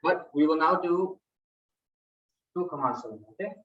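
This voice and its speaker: A man's voice: on the high side, fairly even intonation, measured pace, long pauses, fairly bright tone, lo-fi sound. A man leading a workshop, patiently explaining a ritual step by step and often checking in with "right?". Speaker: workshop instructor. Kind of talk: guided ritual instruction.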